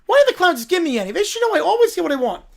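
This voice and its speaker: A man's voice: very high-pitched, very animated, racing, gravelly, pitched above the performer's own voice, exaggerated voice. A man doing a wailing spoiled kid. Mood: whiny tantrum. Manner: wailing, demanding, petulant. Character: whiny spoiled kids throwing a tantrum.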